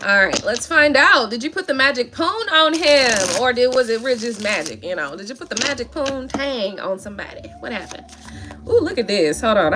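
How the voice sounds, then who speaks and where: A woman giving a casual tarot reading, sassy and playful, full of slang and asides. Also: mid-range voice. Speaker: tarot reader.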